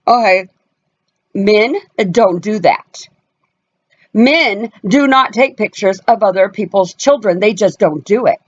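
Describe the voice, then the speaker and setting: A woman's voice: medium pitch, slow pace, lo-fi sound. A woman vlogger telling a personal story to her viewers in a casual, emphatic way, stressing her points and acting out what others said. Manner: emphatic, animated, acts out voices in quotes. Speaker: family vlogger.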